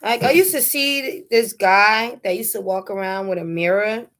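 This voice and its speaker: Speaking in a mid-range, slightly bright voice, a young woman with a New York accent hangs out on a phone livestream. She's from New York City, and her talk is slow and drawn out, full of laughter and slang.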